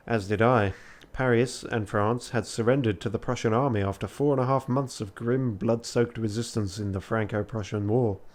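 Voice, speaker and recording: A man's voice: lowish voice, normal speed, few pauses. A tired man reading a text adventure aloud late at night on a charity stream, with joking asides.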